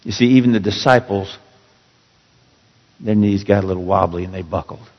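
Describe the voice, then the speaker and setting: A male pastor preaching a sermon with dramatic, emphatic storytelling that drops suddenly to quiet. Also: fairly low pitch, normal speed, in a large hall, lo-fi sound.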